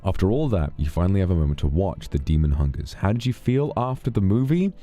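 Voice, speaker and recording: A man's voice: low voice, big pitch swings, quick pace, warm tone, faint music behind. A British man chatting casually on a stream, rambling and swearing freely as he tells stories.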